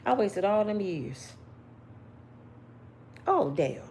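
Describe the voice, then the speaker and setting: A woman's voice: medium pitch, sing-song, very slow, darkish tone, slight background noise. A woman giving an emphatic, slangy opinion rant to her viewers, full of rhetorical questions. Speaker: commentary vlogger.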